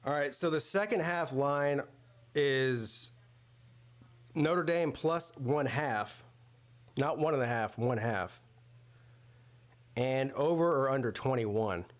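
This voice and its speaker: A man's voice: medium pitch, takes it slowly. A man hosting a live football watch-party stream, chatting loosely and thinking aloud with lots of fillers and restarts. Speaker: sports watch-party host. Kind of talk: casual live-stream commentary.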